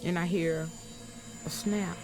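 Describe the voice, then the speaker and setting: An older woman recounting her experience in documentary testimony, halting and repeating words as she goes. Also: lowish voice, fairly even intonation, music in the background. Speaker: crime survivor interviewee.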